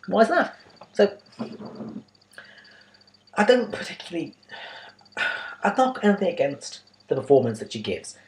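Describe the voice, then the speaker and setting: Guy ranting about a movie, mellow low-key tone, keeps asking why. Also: sing-song, normal speed, pauses often, rough recording. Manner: opinionated, with exasperated rhetorical questions. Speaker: film reviewer. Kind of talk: casual spoken film review.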